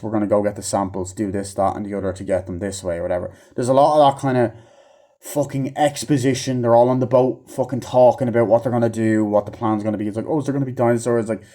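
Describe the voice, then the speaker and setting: A man's voice: on the low side, warm tone. A man giving a casual, rambling movie review, swearing often and mimicking characters in mocking voices. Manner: rambling, profane, acts out scenes in mocking voices.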